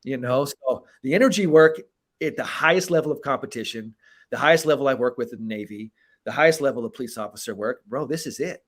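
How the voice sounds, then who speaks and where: A man's voice: medium pitch, quick pace. A man hosting a podcast as a coach, talking in a casual, emphatic way that is full of swearing. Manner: emphatic, profane, animated delivery. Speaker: podcast host and performance coach.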